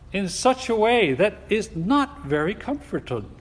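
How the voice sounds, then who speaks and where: A man preaching with slow, deliberate emphasis in a fairly high voice. He leans on his words and asks rhetorical questions. The sound rings with a long hall reverb. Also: expressive. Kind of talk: sermon.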